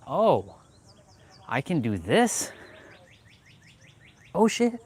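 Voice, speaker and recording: A man's voice: mid-range voice, animated, normal speed, long pauses, fairly bright tone. A young man from Canada hosting a fitness livestream, talking casually with a laid-back, slangy, laughing manner.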